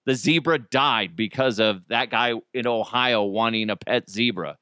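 A man's voice: mid-range voice, unhurried, clean tone, no room sound, studio quality. Exasperated profane podcast host man. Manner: exasperated, profane, animated storytelling. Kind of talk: casual solo podcast rant.

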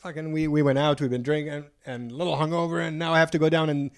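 A man's voice: a little high, level tone, fast. A man on a podcast telling a travel story in casual chat, acting out the people he quotes and laughing often.

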